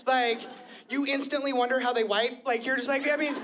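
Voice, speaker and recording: A woman's voice: sits high, brisk. A woman in her thirties doing chatty, self-deprecating live stand-up comedy on a club stage. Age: 30s. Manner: chatty, self-deprecating, lively with quoted voices. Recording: live club audio with crowd laughter.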